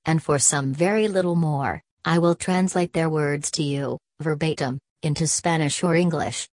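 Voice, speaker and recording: Woman reading a greedy middle-aged hustler: low, smooth, salesman pitch. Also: moderate pace, a little mellow, no room sound, clean studio sound, lightly acted. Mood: smooth, persuasive. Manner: direct, salesman-like.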